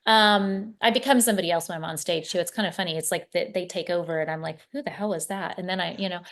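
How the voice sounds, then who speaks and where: A middle-aged woman, a spiritual coach, chatting casually as a podcast guest and telling animated stories with many restarts. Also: fairly low pitch, fast. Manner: animated storyteller, repeats and restarts words. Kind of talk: casual conversation.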